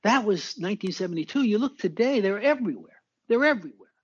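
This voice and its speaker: A garden columnist from Alaska speaks in a high, expressive, fast, slightly rough voice as a guest on a casual podcast interview. He rambles emphatically, repeats his points, and laughs at his own jokes. The recording is dry, dull, and lo-fi.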